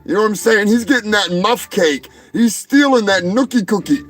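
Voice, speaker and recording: A man hosting a comedy show, ranting in a rambling, profane way that often breaks into shouting. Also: high-pitched, expressive, moderate pace, faint music behind. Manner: rambling, shouting, heavy swearing. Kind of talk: profane comic rant.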